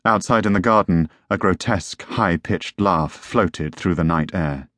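A man's voice: low-pitched, a little slow, a bit bright, no echo, clean studio sound. A man narrating a tense story as an audiobook reader. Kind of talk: scripted narration.

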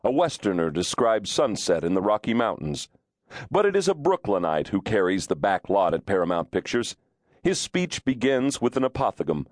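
A man's voice: on the low side, big pitch swings, moderate pace, dry recording. A man reading a nonfiction audiobook aloud in a wry, storytelling manner, close to a studio mic. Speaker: audiobook narrator. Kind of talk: scripted audiobook narration.

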